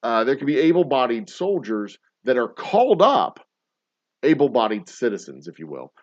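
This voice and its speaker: Lively, rambling man on a dull stream. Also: medium pitch, moderate pace. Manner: rambling and blunt, swears freely, chuckles often. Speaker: distillery owner hosting a whiskey show. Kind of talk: casual livestream chat answering viewer comments.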